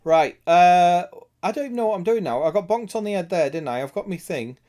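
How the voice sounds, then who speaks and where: A man's voice: high-pitched, animated, fairly quick, mellow. A young man streaming a game, chatting crudely with lots of swearing and laughter. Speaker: gaming streamer. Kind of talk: casual gameplay chat.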